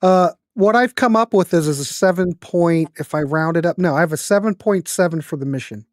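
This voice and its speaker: A man's voice: on the high side, brisk, no room sound, studio quality. A man hosting a casual online music podcast over a video call, talking in a laid-back, wry way. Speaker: host.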